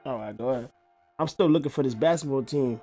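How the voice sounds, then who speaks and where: A man co-hosting a casual podcast, loud and teasing, often laughing at the others. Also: mid-range voice, quick pace, soft background music. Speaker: podcast co-host. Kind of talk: casual chat.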